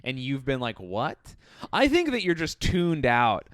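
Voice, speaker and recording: A man co-hosting a podcast in casual chat, telling stories in an animated way with lots of laughing and swearing. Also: medium pitch, measured pace, no room sound, studio quality. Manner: animated storytelling, laughing often, swearing freely. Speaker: podcast co-host.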